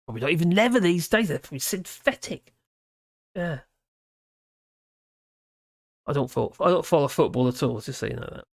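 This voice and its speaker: Tired, gravelly live streamer. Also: medium pitch, animated, dry recording, clean studio sound. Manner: rambling, halting, with many restarts. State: tired and mumbling. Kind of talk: casual live stream commentary reading out chat.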